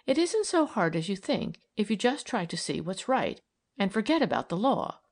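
A woman's voice: mid-range voice, big pitch swings, moderate pace, pitched above the performer's own voice. A woman reading aloud and voicing an earnest, idealistic young woman who argues eagerly and persuasively.

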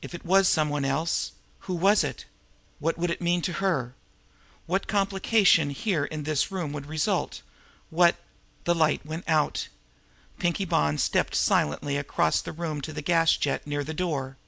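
A man reads a crime novel aloud in a steady, measured way. His voice is gravelly with a bright, sharp edge and sits slightly high. The sound is close and dry. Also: no room sound. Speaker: audiobook narrator. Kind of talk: audiobook narration of a crime novel.

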